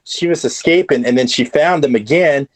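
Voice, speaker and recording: A man guest on a podcast, recapping a show excitedly with lots of fillers. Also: mid-range voice, moderate pace, no echo. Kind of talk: casual chat.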